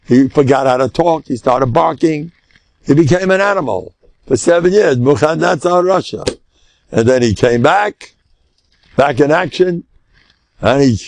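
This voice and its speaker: Older rabbi telling a lively story. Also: male voice, mid-range voice, no room sound. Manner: lively storyteller mixing Hebrew and Yiddish terms. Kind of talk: storytelling Torah lesson.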